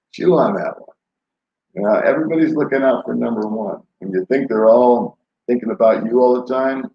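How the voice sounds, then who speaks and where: An older vlogger answers his live chat in a laid-back, rambling manner, laughing often as he goes. His medium-pitched voice has vocal fry and moves at a moderate pace, and the recording sounds roomy, dull and lo-fi.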